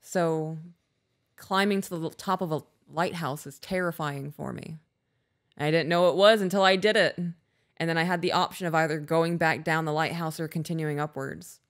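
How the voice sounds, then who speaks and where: Casting note: woman podcast co-host, low-ish voice, candid and emotional, casual and profane. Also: steady tone, moderate pace. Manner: candid, emotional, swears freely. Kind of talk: casual chat.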